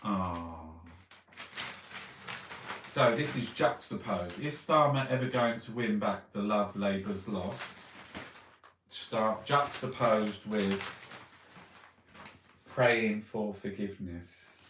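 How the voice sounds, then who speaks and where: A man's voice: lowish voice, takes it slowly, pauses often, distant mic, noisy background. A man reading newspaper headlines aloud and ranting about them in a sweary, mocking way. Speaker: vlogger reviewing newspapers. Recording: roomy echo, voice set back from the mic.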